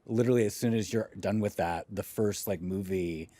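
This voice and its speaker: A man with a fairly low, mellow voice co-hosts a podcast in loose, casual chat. He drifts through his points with plenty of fillers, recorded close and dry. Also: fairly quick, no echo. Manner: relaxed, filler-heavy, says like a lot. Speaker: podcast co-host.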